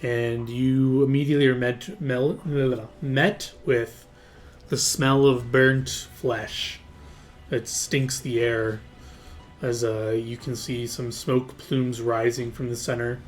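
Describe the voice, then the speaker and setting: A man's voice: mid-range voice, level tone, slow, faint music behind. Rambling male game master. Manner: casual, loose, full of fillers and hedges. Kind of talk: narrating a tabletop game.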